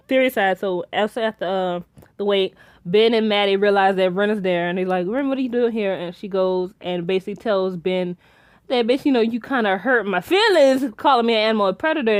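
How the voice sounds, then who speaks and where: A young woman reviewing a TV episode in casual chat, rambling and excitable with many restarts and fillers. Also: medium pitch, clean tone, no room sound. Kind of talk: casual episode recap and theorizing.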